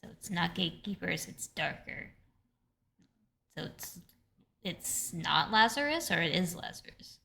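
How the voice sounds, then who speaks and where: A woman's voice: fairly low pitch, sing-song, unhurried, creaky, pauses often, pushed and bright. A woman playing a tabletop role-playing game, eagerly pressing the game master with questions. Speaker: player.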